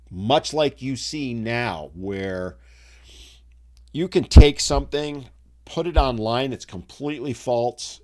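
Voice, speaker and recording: Middle-aged male host, low-ish voice, casual rambling live-chat delivery. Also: a little mellow. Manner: rambling, conversational, with side stories and asides. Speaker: live show host reading viewer chat.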